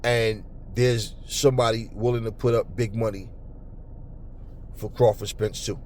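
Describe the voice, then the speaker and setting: A man hosting a boxing talk channel, ranting angrily and profanely at commenters, stumbling over repeated words when worked up, then cooling into calmer talk. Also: measured pace, slight background noise. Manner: calmer and lower later on. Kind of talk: angry unscripted rant to camera.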